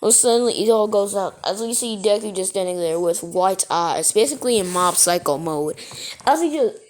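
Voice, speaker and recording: A woman's voice: mid-range voice, expressive, moderate pace, a little mellow. A woman casually retelling a fan story as narrator, rambling and correcting herself as she goes.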